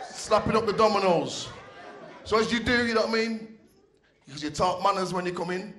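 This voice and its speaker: A comedian with a high, fairly bright voice talks a little fast as he spins profane, conversational stories on a club stage. He holds a handheld mic, checks in with the audience often, and the recording carries the club's echo.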